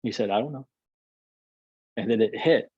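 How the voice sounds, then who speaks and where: Male pastor, storytelling, repeats himself. Husky, mellow tone, muffled dry call audio. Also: lowish voice, normal speed, dry recording. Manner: rambling, repeats words and restarts. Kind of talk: storytelling in a video call interview.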